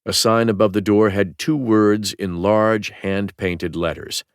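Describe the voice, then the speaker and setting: Deep-voiced male audiobook narrator. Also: fairly even intonation, measured pace, clean tone, no echo, studio quality. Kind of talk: scripted narration.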